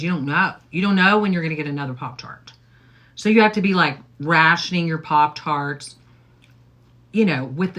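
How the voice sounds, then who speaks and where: A middle-aged woman chatting casually as she gets ready on a livestream. Her voice sits low yet has a bright, sharp edge. She rambles and keeps tossing in "okay?" and "like". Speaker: livestream host.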